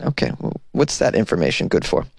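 A man's voice: a little fast, no echo. A man doing comic news commentary, reading headlines aloud and mocking them with sarcastic, wry asides. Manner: sarcastic and wry, with sudden incredulous jumps in pitch.

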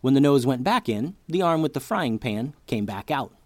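A man's voice: medium pitch, lively intonation, moderate pace, a little mellow, dry recording. A man hosting a children's story podcast who narrates expressively, like a storyteller for kids.

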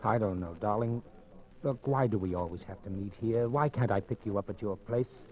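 A man's voice: lowish voice, moderate pace, darkish tone, lightly acted. A man playing a wealthy, courteous man under suspicion in 1940s radio acting, easygoing with hesitant restarts. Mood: tender. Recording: dull lo-fi old radio recording, faint music.

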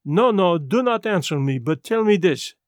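A man reading an audiobook voices a fussy, precise Belgian detective, asking measured questions. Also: high-pitched, expressive, no echo, studio quality. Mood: probing. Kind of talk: audiobook character voice.

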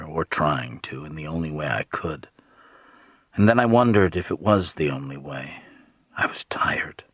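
A man narrates an audiobook in the first person with measured, steady storytelling. His deep voice moves at an unhurried pace. The close studio mic gives a dry sound with no room around it. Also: slightly rough, no room sound.

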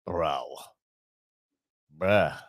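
A man's voice: low voice, drawn-out words, no echo, clean studio sound. A man co-hosting a live podcast, chatting casually with slangy, laid-back banter. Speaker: podcast co-host. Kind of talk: casual chat.

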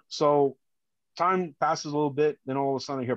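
A man, a former police officer and podcast guest, earnestly recounts a harrowing personal story, often halting and restarting. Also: fairly high pitch, steady tone, no room sound. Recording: dull lo-fi dry sound.

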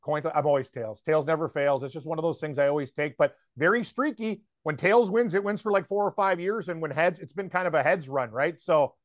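A man with a slightly raised voice, talking in a loose, rambling way and piling on fillers as he gets excited. He co-hosts a sports betting show and chats casually about his picks. The sound is dry and close, with no room around him. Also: on the high side, brisk, hardly any pauses, no room sound. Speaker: sports betting podcast co-host. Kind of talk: casual chat.

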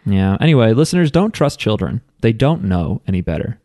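A man with a low, mellow voice chats loosely as a podcast co-host. He rambles through stories, circling back with restarts and fillers. The sound is dry and close. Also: very animated, brisk, dry recording. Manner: rambling storyteller, lots of "like" and restarts. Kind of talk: casual chat.

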